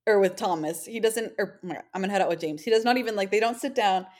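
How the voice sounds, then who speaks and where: A woman's voice: mid-range voice, quick pace. A young woman in her twenties co-hosting a podcast, chatting casually and acting out quotes with lots of fillers. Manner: animated retelling, acts out quotes, many "like" fillers. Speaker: podcast co-host. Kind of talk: casual chat recapping a reality show.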